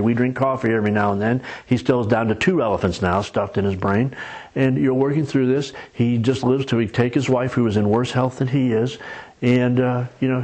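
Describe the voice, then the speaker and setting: Husky man preaching conversationally. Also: medium pitch, darkish tone. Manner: conversational storytelling with folksy humor. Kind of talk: sermon.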